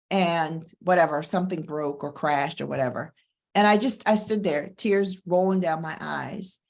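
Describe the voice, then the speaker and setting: Middle-aged woman coach talking it up, low-ish voice, punchy slow emphasis on key lines. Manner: emphatic, preacher-like cadence with slow stressed phrases. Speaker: divorce coach, podcast host. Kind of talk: motivational monologue and personal story.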